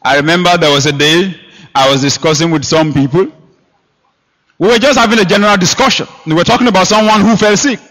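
A man preaching a sermon, emphatic, with sharp rises and quiet drops. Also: sits high, quick pace. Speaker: pastor. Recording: long hall reverb.

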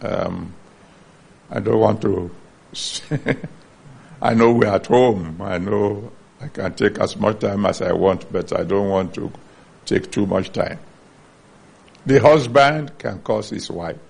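Slow gravelly-voiced male preacher. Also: lowish voice, darkish tone. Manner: earnest Bible teaching with scripture references. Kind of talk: sermon.

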